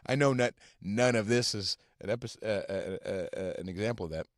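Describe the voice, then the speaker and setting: A man hosting a podcast from inside his car, ranting casually and profanely in a halting, rambling way full of fillers. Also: on the low side, no echo, studio quality. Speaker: podcast host. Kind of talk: casual rant.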